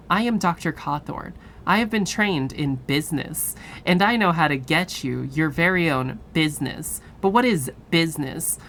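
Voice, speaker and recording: Woman doing a slow, salesy crow doctor. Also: low-pitched, fairly bright tone, slight background noise. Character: pompous male crow doctor hawking businesses.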